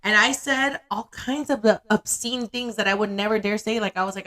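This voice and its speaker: A woman's voice: medium pitch, a little fast, sharp tone. A young woman hosting a podcast, chatting candidly and laughing easily, with frequent swearing. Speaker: podcast host. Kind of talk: casual chat.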